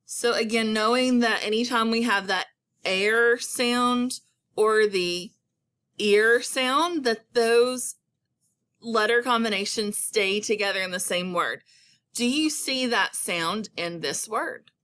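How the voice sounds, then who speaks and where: A woman teacher giving a recorded phonics lesson to young children, speaking slowly and encouragingly with clearly enunciated words. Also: fairly high pitch, fairly bright tone. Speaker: elementary school teacher.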